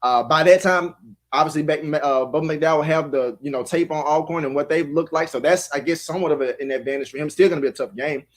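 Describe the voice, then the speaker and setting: A man's voice: fairly high pitch, fast. A man analyzing a college football schedule on a live talk show, thinking aloud with many restarts. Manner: analytical, talks in restarts and fillers.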